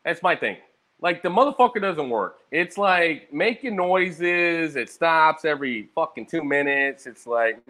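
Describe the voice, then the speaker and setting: A young man in a loose, profane ramble, tired and a bit hungover. His voice sits somewhat high and swings widely as he tells his stories. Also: unhurried. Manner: profane, rambling, animated storytelling. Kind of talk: casual rambling monologue.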